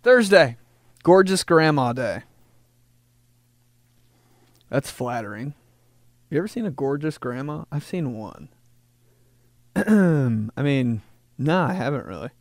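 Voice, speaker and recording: Man, podcast host, jokey rambling monologue, slightly high voice, dry close mic. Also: no room sound. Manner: rambling, jokey, slips into quick voices for people. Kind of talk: casual comedic monologue.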